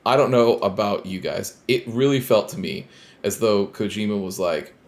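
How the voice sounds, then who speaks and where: A podcast co-host with a notably deep, low-pitched voice. He talks through a video game's plot in relaxed, rambling fashion, leaning on fillers. He swears casually as he goes. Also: moderate pace. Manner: loose and rambling, heavy on filler words. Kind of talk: casual chat recapping a video game.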